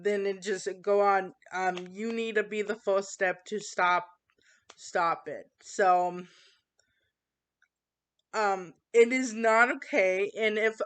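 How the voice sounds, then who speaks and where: A woman speaking slowly and earnestly in a casual monologue, often pausing on fillers and restarting her sentences. Her voice is bright and smooth. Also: medium pitch. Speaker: channel host.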